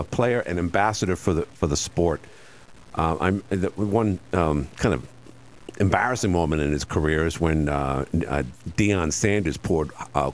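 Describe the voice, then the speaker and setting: Casting: middle-aged male radio host, low voice with lively swings in pitch, loose and rambling delivery. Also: a little hiss or hum. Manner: rambling, many fillers and restarts. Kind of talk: casual talk radio monologue.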